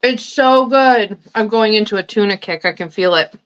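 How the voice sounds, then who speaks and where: A woman talks casually on a livestream and drops swear words without a second thought. Her pitch sits in an ordinary middle range. The sound is dull and a little lo-fi. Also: normal speed, smooth. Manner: chatty, eats while talking, swears casually. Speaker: tarot livestream host.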